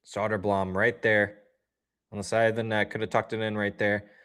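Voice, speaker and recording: A man runs a casual live game watch-along, addressing his chat directly in an upbeat, loose style and leaping up loudly at action on the ice. He speaks smoothly at a normal speed, with a fairly low pitch that moves little.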